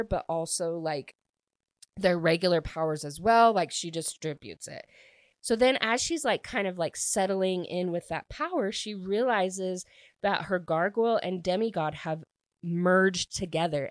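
A young woman gushes through a recap of a book she loved, talking fast and packing her sentences with "like". Her pitch sits in an ordinary middle range, and the recording is dry and close. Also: no room sound. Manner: gushing, fast, constant filler "like". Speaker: book reviewer. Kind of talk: excited casual book recap.

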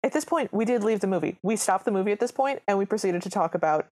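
A woman's voice: mid-range voice, animated, fast talker, darkish tone. A woman co-hosting a podcast, adding dry, wry asides during a casual movie recap. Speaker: podcast co-host.

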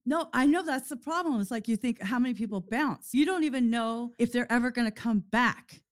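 A woman co-hosting a podcast in casual chat, animated and blunt, acting out what clients say. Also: a little high, fairly quick, dry recording, clean studio sound. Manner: animated, swears, acts out client quotes. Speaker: podcast co-host.

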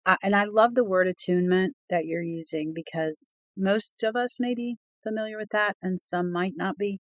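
A woman's voice: lowish voice, no echo. A woman co-hosting a faith-based parenting podcast, responding thoughtfully and affirming her partner. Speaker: podcast co-host.

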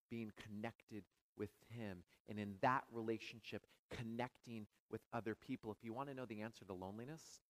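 A male pastor preaching a sermon, with dramatic rises into near shouting and hushed, quiet drops. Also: fairly low pitch, no echo, poor audio.

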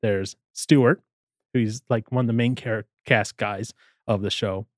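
A man's voice: fairly low pitch, a little slow, no echo, clean studio sound. A man in casual chat, retelling a comedy scene and acting out the characters' lines. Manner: animated storyteller, acts out quoted lines.

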